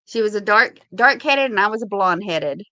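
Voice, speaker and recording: A woman's voice: medium pitch, expressive, brisk, sharp tone, dry recording. A middle-aged woman hosting a casual live sale from home. She chats, laughs a lot and greets viewers by name. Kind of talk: casual live-stream chat.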